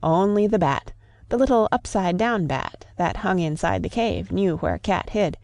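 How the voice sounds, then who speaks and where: A woman reads a classic tale aloud with a measured, rhythmic storybook delivery. Her voice has a noticeable gravelly texture. The recording is close and dry, with no room sound. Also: mid-range voice, lively intonation, darkish tone, no room sound.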